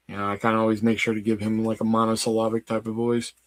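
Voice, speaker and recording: A man's voice: lowish voice, completely flat delivery, fast, hardly any pauses, no echo. Brief: laid-back male streamer chatting loosely, cussing, dry, unreverberant sound. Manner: rambling, swearing, heavy filler "like". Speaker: livestream host. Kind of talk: casual live-stream chat.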